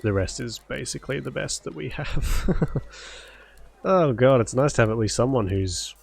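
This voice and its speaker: A man's voice: mid-range voice, animated, normal speed, creaky, darkish tone. A man streaming a game live, chatting casually with a stuffy nose, self-deprecating and laughing often. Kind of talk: casual live gameplay commentary. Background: game music.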